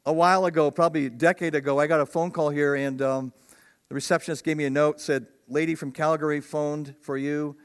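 A man pastoring his congregation, his voice sitting a little high for a man. He preaches in an easy, conversational way. Now and then he rises into emphatic, ringing peaks. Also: steady tone, fairly quick, clear, resonant tone. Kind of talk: sermon.

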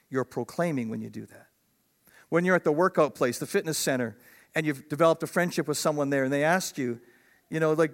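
A man's voice: a little high, fairly quick. Emphatic man preaching a sermon. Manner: conversational preaching, swells to emphatic peaks. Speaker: pastor.

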